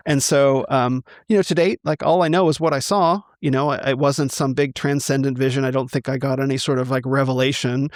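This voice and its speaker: Halting man telling his testimony, dry sound. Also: medium pitch, fairly even intonation, no room sound. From United States. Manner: halting, many restarts and fillers. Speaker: interview guest. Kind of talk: conversational testimony.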